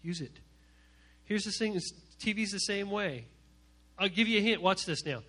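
A man preaching to a youth group from a stage, animated and joking as he acts out the voices of the people he quotes. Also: sits high, normal speed. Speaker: youth pastor. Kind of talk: energetic comic sermon to a youth group. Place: stage before a live audience.

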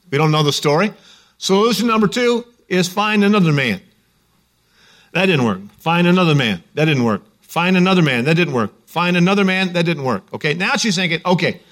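Pastor, higher pitched guy, chatty sermon with jokes and stories. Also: expressive, moderate pace, a bit bright. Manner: conversational, jokey storytelling.

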